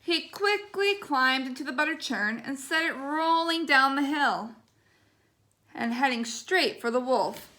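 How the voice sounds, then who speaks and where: Bright, high-voiced woman reading a bedtime story. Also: animated, a little slow.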